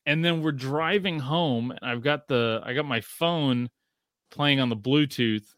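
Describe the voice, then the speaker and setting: A man in his thirties who grew up in Australia hosts a casual podcast in clean, echo-free studio sound, speaking unhurriedly at medium pitch with a fairly bright tone. He rambles, interrupts himself with frequent restarts, and laughs often.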